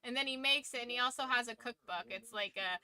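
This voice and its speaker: Hosting a watch-along, this woman streamer talks fast and rambles through casual live chat, cursing freely and letting thoughts trail off. Her pitch is fairly high, her tone pushed, bright and clean, though the recording itself is rough.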